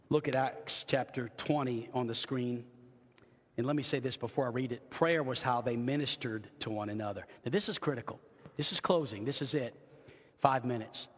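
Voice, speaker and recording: Husky-voiced pastor preaching in a reverberant hall. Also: male voice, on the high side. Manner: impassioned, swinging from loud exhortation to quiet intimacy. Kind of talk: sermon. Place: church sanctuary.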